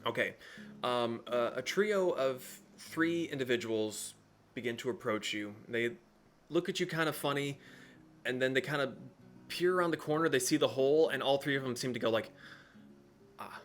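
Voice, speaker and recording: Lively man running a tabletop game. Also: mid-range voice, moderate pace, faint music behind. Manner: laughing, loose, chatty. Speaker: dungeon master.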